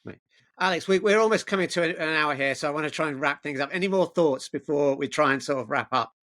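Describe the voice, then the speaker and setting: A man's voice: fairly high pitch, fast, fairly bright tone. A man hosting a discussion, summarizing the points and wrapping up, often repeating words as he starts. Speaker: host. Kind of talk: casual discussion.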